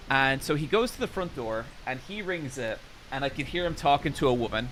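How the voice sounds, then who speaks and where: A man streaming a game while telling a casual, animated story and swearing freely. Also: mid-range voice, moderate pace, few pauses, faint music behind.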